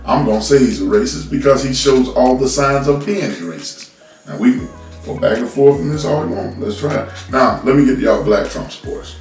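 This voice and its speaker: Speaking a little fast in a slightly mellow mid-range voice, a commentary host rants bluntly about politics, unscripted, scolding listeners and tripping over repeated words. Soft background music plays, and the phone is distant, leaving the audio roomy and off-mic.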